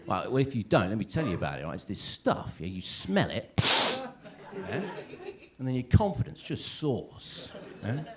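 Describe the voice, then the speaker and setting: Thirties male comic, self-deprecating stand-up patter, swinging pitch all over. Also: sing-song, moderate pace. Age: 30s. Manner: rambling, self-deprecating, lots of "right?" and "yeah?". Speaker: stand-up comedian. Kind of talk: stand-up comedy set. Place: comedy club stage.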